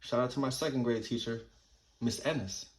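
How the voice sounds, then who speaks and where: A man's voice: medium pitch, fairly quick. A man in his thirties from New Jersey telling childhood stories in a laid-back, rambling way, swearing freely. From New Jersey, USA. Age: 30s. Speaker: vlogger. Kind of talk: casual storytelling.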